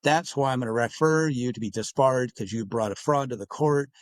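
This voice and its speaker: A man's voice: medium pitch, a little fast, dry recording. A man being interviewed as an author on a podcast, explaining his points at length and acting out bits of dialogue. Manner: explanatory, acts out dialogue in quotes. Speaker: guest author.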